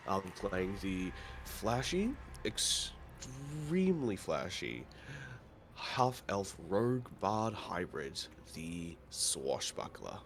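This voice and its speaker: A man's voice: sits low, very animated, drawn-out words, vocal fry, slight background noise. A man introducing himself as a player, showy and boastful.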